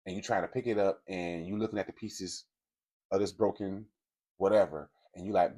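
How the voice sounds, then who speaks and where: A man with a somewhat low, husky voice talks his viewers through a piece of celebrity drama. He speaks in a loose, conversational way, with plenty of swearing and blunt opinions along the way. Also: steady tone, brisk, dark tone. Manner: blunt, profane, conversational storytelling. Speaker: commentary host. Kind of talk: casual celebrity gossip commentary.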